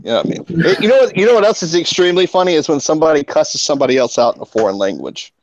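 A man's voice: fairly high pitch, lively intonation, racing. Joking man on dull call audio. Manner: joking storyteller, laughs at his own jokes. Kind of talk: casual group chat.

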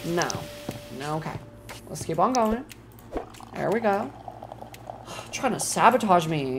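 A woman streamer giving live gameplay commentary, profane and excitable, ranting loudly and then muttering to herself. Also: medium pitch.

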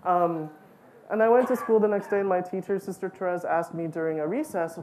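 A woman giving a storytelling talk at a student event, animated and self-mocking, often saying "like" and laughing along. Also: fairly low pitch, a little fast, slight background noise, low-quality recording.

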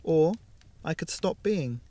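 Man doing a soft, high young woman. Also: animated, slow, heavily acted. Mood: quiet. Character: young woman with strange powers, quiet and calm. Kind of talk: audiobook character voice.

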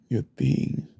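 A man's voice: warm tone, dull audio, a little hiss or hum. A British man voicing an obsessive young goth stalker in a whispered role-play, creepy and falsely innocent. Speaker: ASMR role-play performer.

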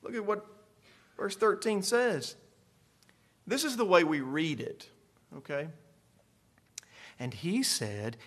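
A male pastor preaching a sermon into a close microphone, moving between quiet asides and dramatic shouted passages. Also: high-pitched, slow pace, long pauses, breathy edge. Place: church sanctuary.

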